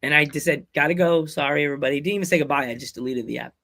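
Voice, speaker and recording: Gravelly rambling man hosting a podcast. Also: fairly high pitch, very fast, bright, forceful tone. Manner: rambling, jokey storytelling. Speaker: podcast host. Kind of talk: casual chat.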